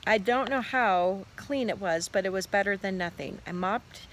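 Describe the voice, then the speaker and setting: A woman teacher in a relaxed, chatty way reading a children's book aloud outdoors. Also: medium pitch, normal speed, slight background noise, rough recording. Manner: relaxed, chatty, expressive reader.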